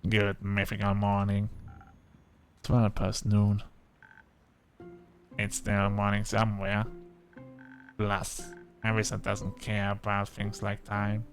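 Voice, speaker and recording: A man's voice: fairly low pitch, monotone, soft background music. A man voicing an eccentric, rambling cowboy wizard with a put-on Texan drawl for a game. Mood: easygoing. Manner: slow, drawling, easygoing.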